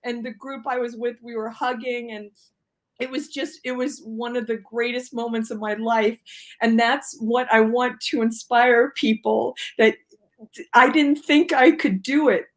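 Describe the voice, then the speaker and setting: A woman guest on a video-call talk show, telling her story in a lively way and acting out her own cries and quotes. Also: fairly high pitch, a little slow. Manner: animated, acts out her own shouts and quotes. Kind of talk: casual storytelling interview.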